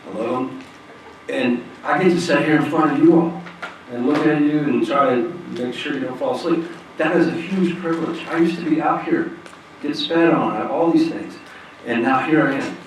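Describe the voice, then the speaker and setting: A man's voice: medium pitch, moderate pace. A man giving an earnest, plain-spoken personal talk to an audience from a stage, acting out the voices of people in his story. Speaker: nonprofit president giving a talk. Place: large hall stage before an audience. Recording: echoey hall, distant mic, faint hiss.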